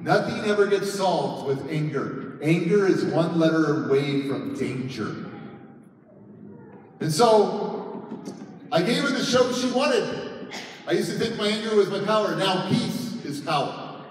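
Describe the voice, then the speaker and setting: A man's voice: a little high, recorded from a distance, a little hiss or hum. A man giving a motivational talk at a conference, telling a personal story dramatically and acting out the lines of others. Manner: dramatic storyteller, acting out quotes, shouting at peaks. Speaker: motivational speaker. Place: large conference hall. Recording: echoey hall, mic heard from afar.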